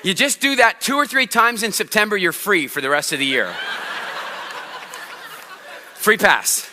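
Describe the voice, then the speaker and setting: A man giving a stage talk on public speaking to a live audience, telling animated stories and asking the audience questions. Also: sits high, unhurried, in a large hall, crowd noise, background noise.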